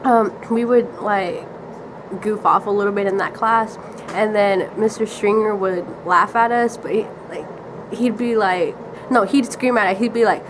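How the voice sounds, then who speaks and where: A woman's voice: medium pitch, steady tone, a little slow, background noise. A teenage girl casually telling a rambling story with lots of "like" and giggles. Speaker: vlogger.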